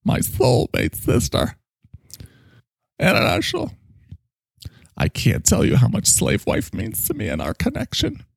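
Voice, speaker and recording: A man voicing a cocky, needy male talking microphone that swoops in pitch and bursts into shouts. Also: wildly swooping pitch, unhurried, gravelly, pauses often, husky, no echo, clean studio sound, full character voice. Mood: gushing. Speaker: podcast co-host character. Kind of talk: improvised comedy bit.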